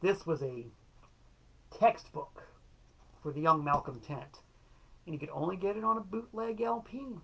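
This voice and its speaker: A man's voice: sits high, a little slow, vocal fry, pauses often, bright, forceful tone, breathy edge. A middle-aged man hosting a casual solo show, telling stories in an enthusiastic, wry way with playful quotes. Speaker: show host and record collector.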